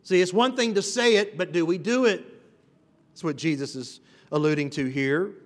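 The long reverb of a hall surrounds a high-pitched pastor preaching an expository sermon at normal speed. He speaks earnestly, intensifying his point by repeating key phrases.

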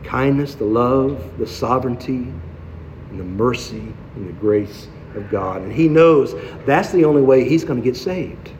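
A man's voice: medium pitch, expressive, normal speed, darkish tone, a little hiss or hum. A male preacher giving an expository sermon, posing rhetorical questions and driving points home by repetition. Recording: dull sound with long hall reverb.

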